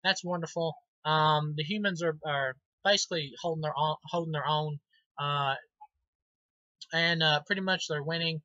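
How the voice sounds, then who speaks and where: A man's voice: on the high side, fairly even intonation, moderate pace, sharp tone, dry recording, dull audio. A man giving a casual movie review, enthusiastic and rambling, with many ums and restarts. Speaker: film reviewer.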